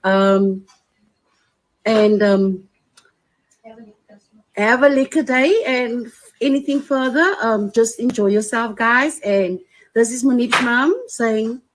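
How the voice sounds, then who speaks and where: A mother in her sixties speaks in a slightly raised voice. She pauses often with ums and sounds affectionate and unpolished. It is a homemade recorded message. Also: a little high, slight background noise, poor audio. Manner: hesitant, many ums, affectionate. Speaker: guest's mother sending a message.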